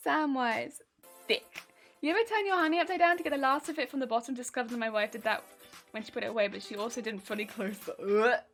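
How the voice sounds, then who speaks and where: A woman from England with a fairly high, fairly bright voice crafts on a livestream. In her English accent, she chats casually and playfully with viewers, rambling, giggling, and reading the chat aloud.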